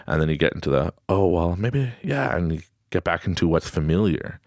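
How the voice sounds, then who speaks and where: Deep-voiced guy in his late 30s doing a motivational talk, super lively, acts out voices, dry close sound. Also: fairly quick, no echo. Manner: animated storytelling, acts out quoted voices. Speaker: podcast host. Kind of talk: motivational self-help talk.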